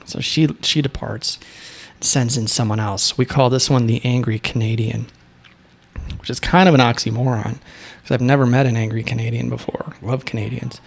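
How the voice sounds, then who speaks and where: A man telling a story in a casual, animated way, with quick asides. His voice has a gravelly, fry-laden texture at a middle pitch.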